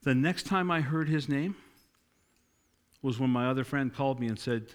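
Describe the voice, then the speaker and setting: A man's voice: mid-range voice, moderate pace, clean tone. Man preaching a sermon. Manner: storytelling, acting out quoted dialogue, emphatic.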